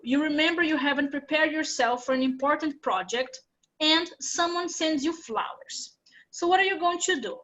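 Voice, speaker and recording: A woman's voice: high voice, fairly bright tone, dull audio. A Brazilian woman whose first language is Portuguese, teaching an English class online and explaining step by step with patience.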